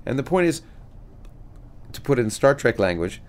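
A middle-aged man, a physicist guest, talking animatedly in an interview with many restarts. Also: mid-range voice. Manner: animated, many restarts, reads a passage slowly. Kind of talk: conversational interview.

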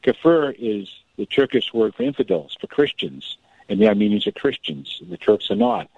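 A man with a gravelly, creaky voice tells a family story as a guest on a radio interview. His pitch swings widely as he talks, stopping and restarting in quick bursts. The sound is dry and a little dull, like a lo-fi radio feed. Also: no echo. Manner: animated, restarts often, storyteller. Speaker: author and guest.

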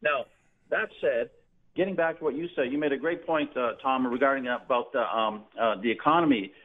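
A man's voice: mid-range voice, a little fast. A man from Canada calling in to a radio show, rambling and hesitant as he makes his points. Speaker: caller. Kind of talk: call-in phone conversation. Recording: tinny phone line.

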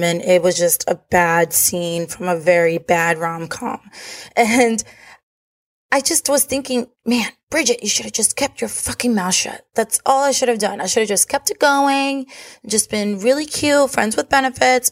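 Candid, profane woman telling a story. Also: medium pitch. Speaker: podcast host. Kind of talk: personal storytelling monologue.

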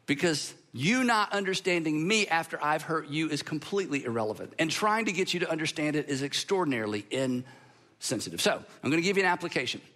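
A man delivers a sermon in a high, bright voice that swings widely in pitch. He is emphatic and instructive, slowing down for key phrases and drawing the crowd into repeating them. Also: expressive. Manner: emphatic, teaching with pauses and call-and-response. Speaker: pastor.

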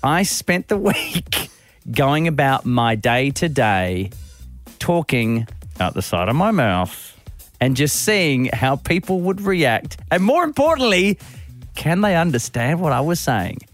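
A man hosting a radio show, his voice bouncing up and down as he jokes and tosses in quick asides. He chats casually with his co-host, with a little music under him. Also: fairly high pitch, big pitch swings. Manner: playful, joking, quick asides.

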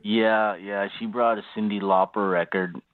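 A man calling in to a radio show, talking in a slow, sleepy drawl. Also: fairly low pitch, fairly even intonation, no echo. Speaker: caller. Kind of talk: phone call to radio show. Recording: tinny phone line.

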